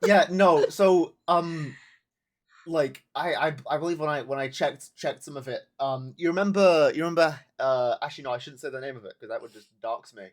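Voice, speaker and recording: Halting young man, slightly high voice. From Britain. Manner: hesitant, many restarts and fillers. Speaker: podcast co-host. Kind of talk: casual chat.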